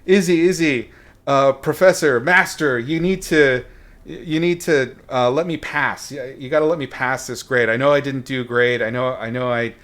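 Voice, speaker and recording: A man's voice: medium pitch, normal speed, fairly bright tone, lightly acted. A man putting on the voice of a tearful young male student, desperate and begging, stumbling over his words. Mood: pleading.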